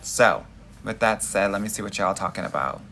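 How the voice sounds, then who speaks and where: A man's voice: fairly low pitch, animated, normal speed, sharp tone, slight background noise. Sassy man giving dating advice live. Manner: sassy and emphatic, calls viewers girl and honey. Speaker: dating coach hosting a live Q&A. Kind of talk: casual livestream chat answering viewer comments.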